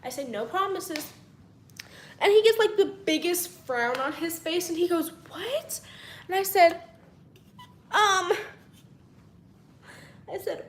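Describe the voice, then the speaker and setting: A woman's voice: very high voice, animated, slow pace, long pauses, reverberant. A young woman telling a long story in a casual vlog, chatty and rambling, acting out what people said and sometimes dropping to a whisper. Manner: chatty and rambling, acts out quotes, drops to a whisper at times. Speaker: vlogger.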